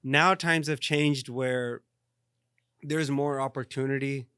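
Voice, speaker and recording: A man's voice: medium pitch, steady tone, slow, pushed and bright, smooth, dry recording, studio quality. A man in his thirties from Southern California, chatting casually as a podcast guest in a laid-back way. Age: 30s. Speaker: guest, restaurant owner's son. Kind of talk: casual interview chat.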